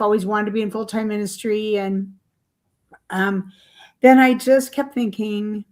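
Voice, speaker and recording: An older woman, an author and guest, telling her story in a rambling, chatty way full of fillers and small laughs. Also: mid-range voice. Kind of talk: podcast interview storytelling.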